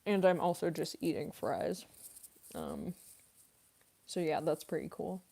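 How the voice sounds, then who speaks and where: A young woman voice actress casually answering chat questions on a stream, relaxed and rambling with many fillers, snacking as she talks. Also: low voice, measured pace, vocal fry. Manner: relaxed and rambling, many fillers, laughs often, eating while talking.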